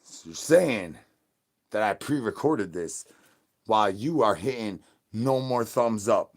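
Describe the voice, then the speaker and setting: A man's voice: fairly low pitch, animated, measured pace. A man voicing a starving, crude male zombie who streams to his chat, rambling in slang and repeating his begging catchphrases. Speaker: livestream entertainer. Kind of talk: in-character livestream comedy.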